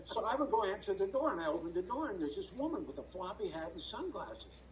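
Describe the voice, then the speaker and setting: A man's voice: sits high, very animated, fast, recorded from a distance, a crowd in the background, rough recording. An older man, a stage and screen actor, telling rambling stories as an interview guest and often searching for words. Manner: chatty, rambling storyteller who searches for words. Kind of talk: anecdotal storytelling in an interview. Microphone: video call.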